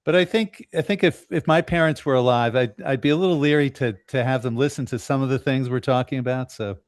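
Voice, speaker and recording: Measured man, dry close sound. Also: medium pitch, no room sound. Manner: measured, brief interjections. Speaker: podcast co-host. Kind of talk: casual conversation.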